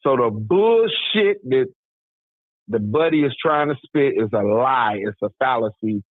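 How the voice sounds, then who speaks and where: A man's voice: mid-range voice, lively intonation, measured pace, dry recording. A man from Milwaukee calling in to a radio show, ranting angrily and swearing. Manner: angry, profane rant. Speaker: caller. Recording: tinny phone line.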